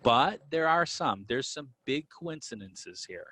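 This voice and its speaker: A man co-hosting a podcast, explaining history in a relaxed, conversational way. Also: mid-range voice, slow pace, slightly rough, no echo. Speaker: podcast co-host. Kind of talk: casual conversational storytelling.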